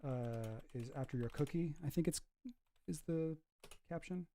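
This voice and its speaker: A man's voice: on the high side, unhurried, mellow. A man from Canada, hosting a casual reaction commentary and ranting profanely with frequent restarts. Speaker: commentary host.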